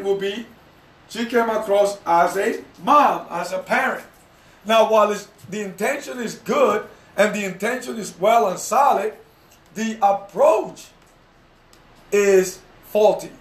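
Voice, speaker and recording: A man with a high voice teaches about communication, stressing key phrases and checking in with his listeners. He sounds a little away from the mic. His voice carries the echo of a roomy space. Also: distant mic. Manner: emphatic, repeats key phrases, asks rhetorical questions. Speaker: relationship coach. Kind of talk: motivational teaching talk.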